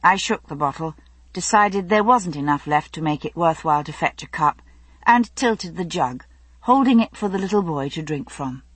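Husky woman narrating an audiobook. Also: low voice, lively intonation, moderate pace, no echo. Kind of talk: first-person novel narration.

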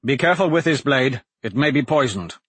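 A man's voice: mid-range voice, lively intonation, fairly quick, fairly bright tone, slightly rough, dry recording. A man voicing a shaken but fierce male lord and sorcerer in a storybook, with clipped, urgent demands. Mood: tense.

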